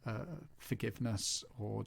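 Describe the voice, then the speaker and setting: A man's voice: lowish voice, level tone, measured pace, vocal fry, husky, dry recording. A man co-hosting a casual podcast, teasing his co-host in playful banter. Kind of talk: casual chat.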